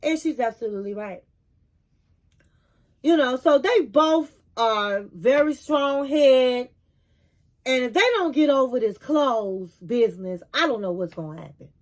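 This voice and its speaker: Sassy high-voiced woman recapping. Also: a little slow. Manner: sassy and chatty, calls listeners honey and kings and queens. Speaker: commentary channel host. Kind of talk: casual reality-show recap.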